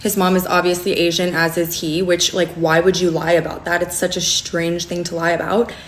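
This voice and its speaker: A young woman spills a personal saga straight to camera, chatty and animated, leaning on fillers and quick asides. Her voice sits a little low for a woman. The room around her rings with a noticeable echo. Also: a little hiss or hum. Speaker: storyteller recounting a relationship. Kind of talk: casual storytime vlog.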